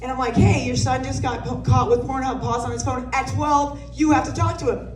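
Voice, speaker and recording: Woman comic on stage, kinda high voice, swears a lot, sounds roomy and far off. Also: fairly even intonation, fairly quick, faint music behind. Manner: brash, profane, storytelling with laughs. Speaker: stand-up comedian. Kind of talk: stand-up comedy set. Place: comedy club stage. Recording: roomy sound from a distant mic.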